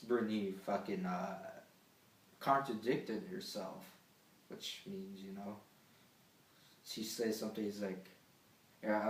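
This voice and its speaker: This casual vlog features a teenage boy with a fairly low, slightly mellow male voice, who rambles through a school story laced with swearing and filler words. He is far from the mic, off-mic in an echoey room.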